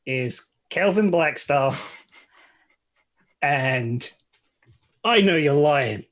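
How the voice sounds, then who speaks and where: Dude player, bit high voice, blunt and pushy. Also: male voice, expressive, very slow, a bit bright. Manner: blunt, confrontational. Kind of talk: casual tabletop play.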